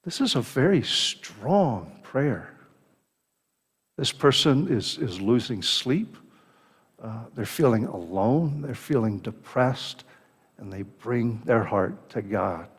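Slow-speaking male preacher in a hall. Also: mid-range voice, expressive, husky. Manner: slow, earnest preaching with many restarts. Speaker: pastor. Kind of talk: sermon.

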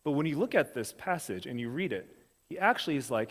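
Delivering a sermon, this pastor has a medium-pitched, sing-song voice and a casual, conversational manner. He addresses the congregation directly, checking in with them often, in a room with long hall reverb.

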